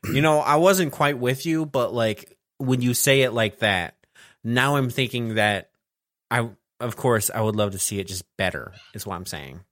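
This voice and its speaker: A man's voice: mid-range voice, normal speed, a bit bright, no echo, studio quality. A man co-hosting a casual chat about anime, cracking profane jokes and laughing at his own bits.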